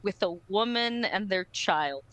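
A woman co-hosting a podcast, telling a story in a casual, animated and profane way and acting out other people's voices. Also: medium pitch, measured pace, low-quality recording. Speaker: podcast co-host.

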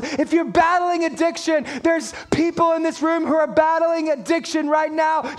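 A man preaching a sermon as a pastor, talking straight to his congregation with emphatic points and playful jokes. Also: very high voice.

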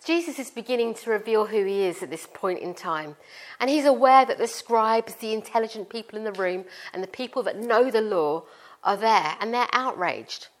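A woman's voice: medium pitch, animated, moderate pace. A middle-aged woman with a British accent preaching a sermon in a chatty, informal way, explaining through everyday family stories. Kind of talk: conversational sermon.

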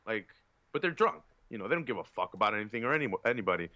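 A man's voice: on the low side, sing-song, very fast, bright, forceful tone, no echo, dull audio. A man on a podcast telling a long, profane, rambling story in casual chat, with lots of fillers. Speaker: podcast co-host.

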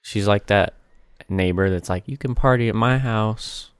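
A man's voice: on the low side, measured pace, smooth, no echo, studio quality. A man co-hosting a podcast in casual chat, blunt and slangy, swearing a lot. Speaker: podcast co-host.

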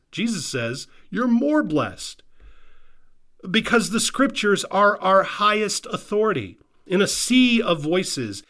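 A man's voice: sits high, a bit bright. A man preaching a sermon in an earnest, emphatic way, repeating phrases for stress and putting questions to his listeners. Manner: asks the listeners direct questions. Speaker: pastor.

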